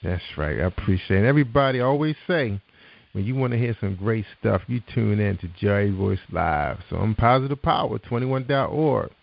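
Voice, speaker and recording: A man's voice: lowish voice, animated, normal speed, vocal fry. A man hosting an internet radio show, upbeat and encouraging, with many ums and you-knows. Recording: muffled lo-fi sound.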